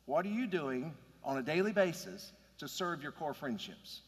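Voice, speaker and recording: A man's voice: fairly high pitch, lively intonation, moderate pace, breathy edge, long reverb tail. A man preaching a sermon in an earnest, conversational way, building to emphatic points. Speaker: pastor.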